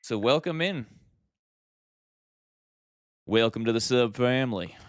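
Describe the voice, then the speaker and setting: A man with a medium-pitched, expressive, smooth voice speaks slowly while live-streaming a game from home. He chats casually, thanks viewers, and thinks aloud as he plays; the sound is clean and studio-like with no echo.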